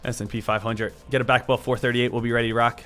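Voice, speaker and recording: A man's voice: mid-range voice, level tone, racing, a bit bright, faint music behind. A man hosting a live stock trading stream, chatty and upbeat, repeating himself and calling viewers "team". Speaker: stock trading livestream host.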